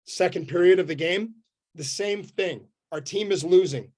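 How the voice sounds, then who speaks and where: A man from Canada giving an energetic motivational talk on a video call, telling a story in punchy short sentences. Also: high voice, moderate pace. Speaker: motivational speaker.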